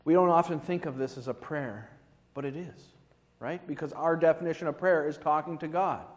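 Man, sermon, fairly high voice, long hall echo, dull muffled sound. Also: normal speed. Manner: conversational, rhetorical asides. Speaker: preacher. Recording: dull reverberant hall recording.

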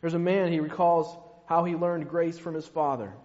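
Guy preaching slow n emphatic, kinda high voice, big echoey church, muffled sound. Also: fairly even intonation. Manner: slow emphatic preaching, drops to a hush on key words. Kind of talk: sermon. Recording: muffled, long hall reverb.

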